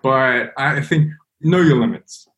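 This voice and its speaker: Young male guest, rambling casual storyteller, mid-pitched voice. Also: unhurried, a bit bright. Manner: rambling, full of "like" and "you know".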